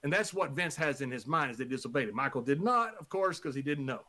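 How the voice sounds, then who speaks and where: A man's voice: on the high side, lively intonation, fast talker, bright, forceful tone. A man, a former wrestling color commentator, telling a story on a podcast and laughing often.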